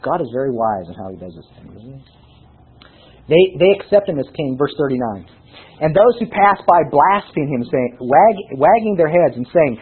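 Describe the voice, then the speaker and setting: A man preaching a sermon and teaching from scripture, with animated delivery and frequent rhetorical questions to his listeners. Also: on the high side, moderate pace, slightly rough. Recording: tinny phone-like sound.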